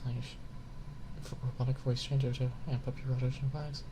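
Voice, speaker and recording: A man's voice: medium pitch, little pitch movement, fairly quick. Giggly man chatting on a live stream. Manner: giggly, swears, loses composure. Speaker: ASMR streamer. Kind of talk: casual live stream chat. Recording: background noise hiss.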